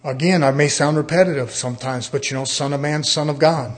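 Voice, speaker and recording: A man's voice: a little high, brisk. A man in his fifties preaching a sermon, asking rhetorical questions and calling for amens. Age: 50s. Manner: animated preaching, rhetorical questions, calls of amen.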